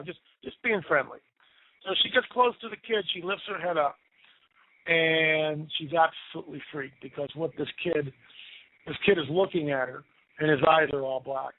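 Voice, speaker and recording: Guy on a phone line telling creepy stories for a radio show, slightly high voice, keeps repeating stuff for effect. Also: normal speed. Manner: animated, tells spooky stories with emphatic repetition. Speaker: radio guest storyteller. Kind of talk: casual storytelling on talk radio. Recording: tinny phone line, dry.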